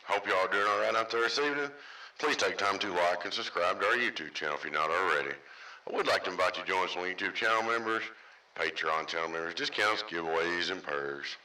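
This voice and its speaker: A man's voice: low voice, quick pace, pushed and bright, poor audio. A man with a head cold, sounding nasal and congested, hosting a casual, folksy radio repair review. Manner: folksy, plainspoken, drawling. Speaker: radio repair channel host.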